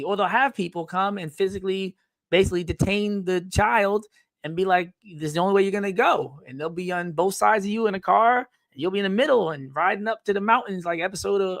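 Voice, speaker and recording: Fast-talking high-voiced guy co-host, emphatic, dry close sound. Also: no room sound. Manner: emphatic, quick explaining. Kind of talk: casual chat.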